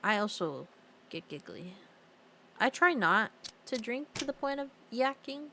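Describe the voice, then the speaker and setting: A woman's voice: fairly high pitch, big pitch swings, unhurried, background noise. A young woman streaming a game, chatting casually with her viewers, giggling often and drifting off topic as she reads their comments aloud. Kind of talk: casual live-stream chat while playing.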